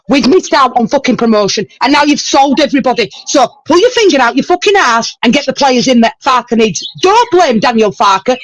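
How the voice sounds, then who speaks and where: A woman's voice: high-pitched, no echo, low-quality recording. An older woman on a football fan livestream, ranting in exasperation, swearing heavily and then apologizing. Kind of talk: heated casual fan chat.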